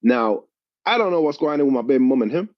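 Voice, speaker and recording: A man telling an animated story in casual chat, swearing a lot. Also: mid-range voice, fast, no echo, highs cut off.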